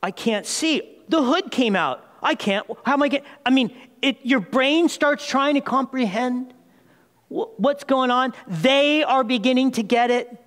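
High-voiced animated preacher in a reverberant church. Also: male voice, a little slow. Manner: animated storytelling preacher, addresses the congregation as "people". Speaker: pastor. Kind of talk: sermon. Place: church sanctuary.

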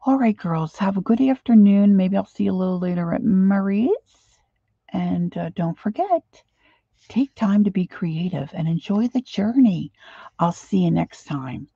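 Gravelly-voiced Philly woman chatting. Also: medium pitch, expressive, normal speed, warm tone, no room sound, dull audio. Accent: Philadelphia. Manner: chatty and rambling. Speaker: art journaling livestream host. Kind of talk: casual chat.

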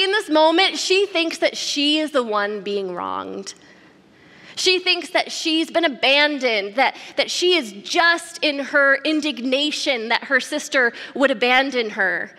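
A woman preaching a sermon in a conversational, animated storytelling manner, often turning to the congregation with questions. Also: high voice. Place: church sanctuary. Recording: long church hall reverb.

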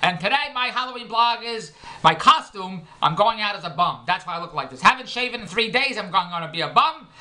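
Middle-aged man, bright-voiced joke-teller, loose and rambling, laughs at his own gags. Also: sits high, lively intonation, fairly quick. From Philadelphia, United States. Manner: joke-telling, rambling, self-interrupting, laughs at himself. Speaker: vlogger and comedian. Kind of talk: rambling comedic vlog monologue.

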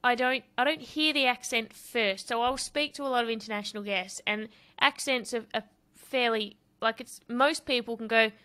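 A woman's voice: a little high, moderate pace, sharp tone. A woman hosting a podcast, chatting casually and laughing at herself. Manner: chatty, self-deprecating, laughs often. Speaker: podcast host. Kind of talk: casual interview chat.

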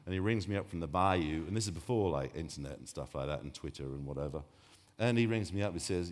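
Deep-voiced rambling man in a hall. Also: expressive, fast talker. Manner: rambling, jokey, self-interrupting. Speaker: shark researcher giving a public talk. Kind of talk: informal public science talk. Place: lecture hall. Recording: long hall reverb.

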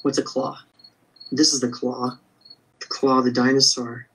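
Upbeat husky man chatting while drawing. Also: mid-range voice, level tone, moderate pace, fairly bright tone, poor audio. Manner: chatty, upbeat, thinks aloud as he draws. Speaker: artist drawing live for viewers. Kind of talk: casual livestream chat while drawing.

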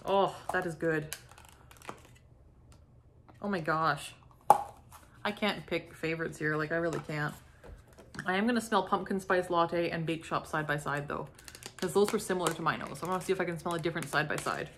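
A middle-aged woman from Canada, voice sitting on the lower side, talks through a candle unboxing in a soft, gushing way. She lingers on each scent and gives casual, warm-hearted reviews. A faint room hum sits behind her at home. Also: brisk.

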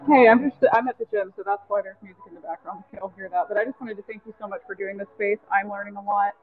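A woman's voice: mid-range voice, fairly even intonation, quick pace. A woman calling in from the gym, a little out of breath, chatting in an earnest and grateful way. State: slightly out of breath. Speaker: caller. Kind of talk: casual call-in comment. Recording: tinny phone line.

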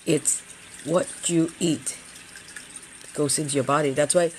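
A woman's voice: sits low, fairly even intonation, unhurried, a little hiss or hum. A middle-aged woman hosting a casual feng shui livestream, talking earnestly and chattily and often repeating her phrases.

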